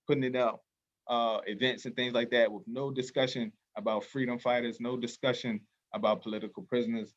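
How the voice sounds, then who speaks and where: A festival host, a man with a mid-pitched voice, leads a call-and-response chant and then talks with earnest, passionate conviction, pausing on fillers. The recording is slightly muffled and lo-fi. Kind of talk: libation call-and-response, then heartfelt talk.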